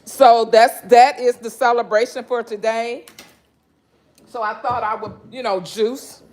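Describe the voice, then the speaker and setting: A woman's voice: a little high, fairly even intonation, unhurried, darkish tone. A woman chatting casually with viewers on a live stream while she cuts fruit and juices in her kitchen, greeting people by name and laughing often. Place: home kitchen.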